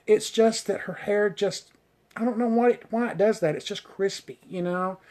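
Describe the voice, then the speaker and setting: A man's voice: sits high, moderate pace, a little mellow. A man working as a hairstylist, chatting casually on a live stream and answering viewer comments, rambling enthusiastically with lots of filler words and getting tongue-tied on hard words. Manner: rambling, heavy on "you know" fillers, enthusiastic.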